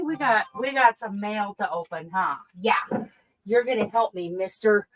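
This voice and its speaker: A woman's voice: medium pitch, normal speed, low-quality recording. A woman hosting a casual live stream who coos to her pet in sing-song baby talk between chatty remarks. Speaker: crochet channel host.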